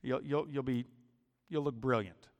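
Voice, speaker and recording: A man preaching a sermon in a deliberate, emphatic style, often repeating words as he builds his point. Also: medium pitch, fairly even intonation, lo-fi sound. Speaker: pastor. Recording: long hall reverb.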